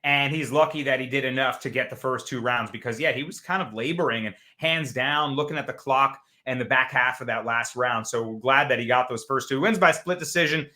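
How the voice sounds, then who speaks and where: A man's voice: mid-range voice, a little fast, few pauses, pushed and bright. A man hosting a sports betting podcast, upbeat as he brings in his co-hosts and asks them questions. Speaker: podcast host.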